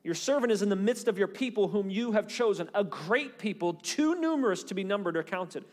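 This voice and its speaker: A man preaching with a high, light voice, reading scripture aloud and retelling its stories with lively acted-out voices. His voice rings with a long hall reverb. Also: fairly quick. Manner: animated storytelling, acts out voices in Bible stories. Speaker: pastor. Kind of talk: sermon.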